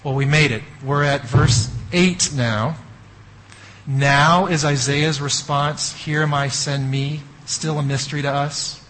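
A man preaching a sermon as a pastor, telling an animated story with asides to the audience. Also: a little high, slow, a little hiss or hum, low-quality recording.

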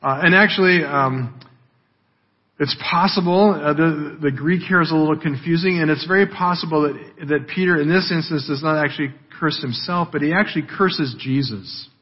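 Through a dull, lo-fi recording comes a pastor's husky, fairly high voice at normal speed. He preaches conversationally and keeps asking "right?"

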